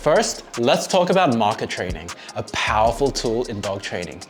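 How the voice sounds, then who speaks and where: A man narrating a scripted dog-training lesson in a clear, friendly teaching tone. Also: medium pitch, very animated, normal speed, music in the background.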